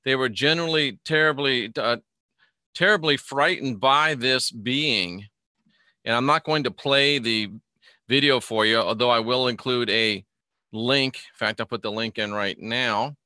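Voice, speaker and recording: A man with a bright, forceful voice hosts a live stream, reading an article aloud and chatting about it in a loose, rambling way. He breaks off to greet viewers by name, and the sound is dry and close. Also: medium pitch, unhurried, dry recording. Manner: reads an article aloud and comments on it. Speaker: host of a live Christian online show.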